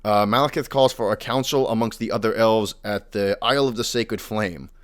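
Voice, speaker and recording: A man's voice: fairly low pitch, normal speed, clear, resonant tone. A young man casually retelling fantasy lore as a podcast host, acting out the characters' lines as he goes.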